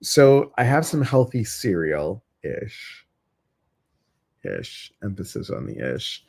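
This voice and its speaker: A man's voice: lowish voice, huge pitch swings, slow, creaky, a little mellow, slightly rough. A man hosting a meditation group, talking casually and rambling with many fillers. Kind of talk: casual chat to a live audience.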